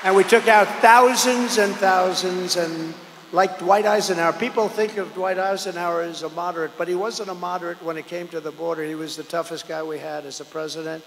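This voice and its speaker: An older man giving a campaign rally speech, rambling and repetitive, swinging between loud declarations and low asides. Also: fairly even intonation, brisk, slight background noise. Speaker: political candidate at a rally. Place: large outdoor or arena rally. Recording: echoey hall with long reverb.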